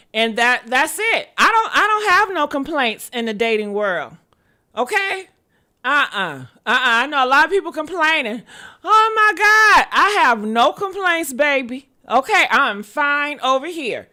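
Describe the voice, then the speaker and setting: A woman hosting a casual live-stream, talking loudly and playfully, often yelling, then dropping to a softer, quieter tone. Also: sits high. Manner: swings between loud outbursts and a quieter put-on mature tone. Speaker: host.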